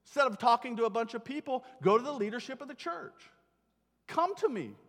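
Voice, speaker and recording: Male pastor, high voice, animated sermon delivery that acts out quotes; church recording with long reverb. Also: fairly quick.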